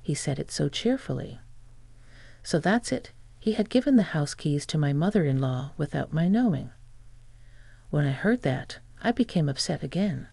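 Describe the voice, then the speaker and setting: A narrator reading a first-person family revenge story in an even, scripted way, taking every quoted part without changing voice. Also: mid-range voice, normal speed, gravelly, no room sound.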